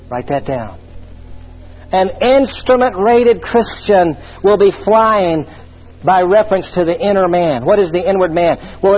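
A man preaching a humorous sermon, voicing imagined listeners and reading scripture slowly. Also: high-pitched, slightly rough, muffled recording.

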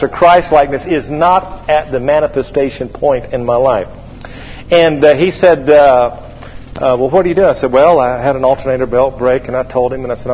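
A man preaching a sermon, telling a folksy personal story with animated delivery and drawing call-and-response from the congregation. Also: medium pitch, in a large hall, muffled recording, a little hiss or hum.

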